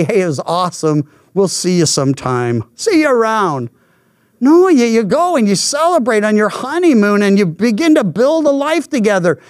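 An older man preaching a sermon in an emphatic, deliberate way, a pastor teaching from Scripture. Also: very high voice, dry recording, clean studio sound.

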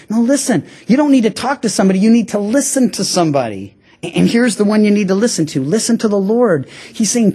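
A man's voice: high voice, moderate pace, husky. A middle-aged male pastor giving a conversational sermon, acting out the quotes he tells. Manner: conversational, animated, acts out quotes.

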